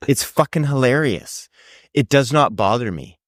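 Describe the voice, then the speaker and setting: A man's voice: medium pitch, unhurried, no room sound, clean studio sound. A man with a Canadian accent, co-hosting a casual podcast chat, swearing freely and restarting his sentences. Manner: swears a lot, restarts, animated. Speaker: podcast co-host.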